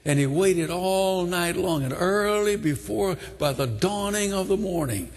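An older man preaching a sermon, retelling a story with dramatic swings from hushed tones to shouting. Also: high voice, lively intonation, a little slow. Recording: long hall reverb.

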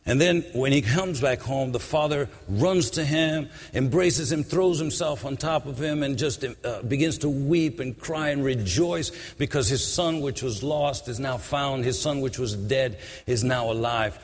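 A man's voice: mid-range voice, unhurried, hardly any pauses, in a large hall. A man preaching a sermon, retelling a parable and rising into fervent, sing-song appeals.

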